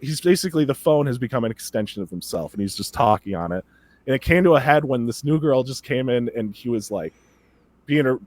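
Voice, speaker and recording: A man co-hosting a podcast, rambling excitedly in casual chat and laughing often as he talks. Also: mid-range voice, dry recording. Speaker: podcast co-host.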